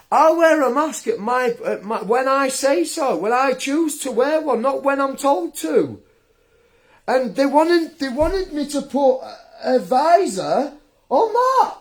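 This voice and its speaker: Indignant man, high-pitched rant. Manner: indignant, blunt and combative, with restarts. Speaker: vlogger. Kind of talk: ranting direct-to-camera monologue.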